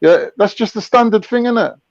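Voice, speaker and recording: Guy ranting crude slang, kinda high voice, dull lo-fi dry mic. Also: a little fast, dry recording. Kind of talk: heated casual chat.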